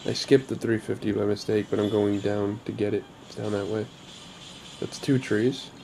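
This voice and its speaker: A man's voice: on the low side, steady tone, moderate pace, gravelly, warm tone, slight background noise. Chatty man narrating his gameplay. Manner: chatty and upbeat, rambling asides. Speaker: gaming channel host. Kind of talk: casual gameplay commentary.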